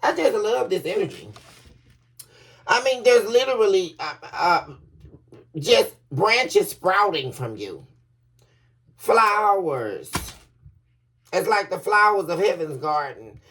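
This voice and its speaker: A woman's voice: mid-range voice, sing-song, slow, pauses often, fairly bright tone, distant mic. A woman giving a collective tarot reading, chatty and emphatic, laughing often and calling her viewers baby. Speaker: tarot reader.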